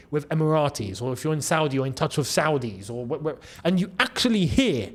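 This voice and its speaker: A male football channel host, talking casually to his audience, excitable and animated, repeating phrases and breaking into laughs. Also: sits high. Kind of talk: casual football commentary to camera. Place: in the Gulf region.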